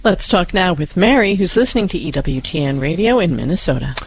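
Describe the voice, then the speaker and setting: A co-host of a call-in radio show, introducing callers and explaining advice in a steady flow. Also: mid-range voice, brisk, breathy edge, low-quality recording.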